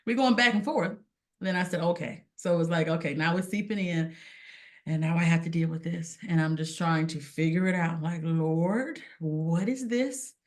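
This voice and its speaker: A woman guest on a podcast, telling her story in an earnest, animated way and acting out what people said. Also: fairly low pitch, brisk. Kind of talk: casual personal testimony.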